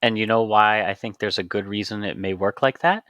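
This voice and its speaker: Male physician co-host, bright and forceful tone, dry close sound, steady explainer. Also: fairly low pitch, brisk, no echo. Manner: steady, explanatory, playfully leads the topic. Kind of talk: casual podcast chat.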